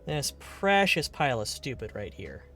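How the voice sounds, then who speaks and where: A man's voice: medium pitch, huge pitch swings, normal speed, bright, forceful tone, faint music behind. Rambling, playful male streamer. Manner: rambling, playful, swears casually. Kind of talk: casual live-stream chat.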